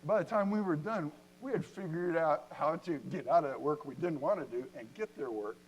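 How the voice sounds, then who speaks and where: A man's voice: fairly high pitch, brisk, lo-fi sound, slight background noise. A man, a company co-founder, telling jokey stories in a talk to an audience at a university event. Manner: animated, jokey storytelling with laughs. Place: lecture hall at a university event.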